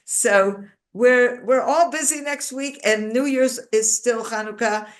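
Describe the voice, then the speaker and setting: A woman's voice: on the high side, unhurried. A woman leading a Bible study class, reading verses aloud and then explaining them in a chatty, informal way. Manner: conversational, with frequent fillers and asides to the class. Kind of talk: interactive class lecture.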